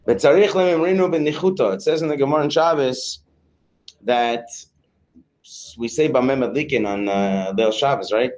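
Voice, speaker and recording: A man with a voice of middle pitch teaches a Torah class. He reads Hebrew phrases and translates them into easygoing English, with some slang along the way. His tone stays loose and conversational, and he banters with his students between points. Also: darkish tone, lo-fi sound. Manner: casual, with slang.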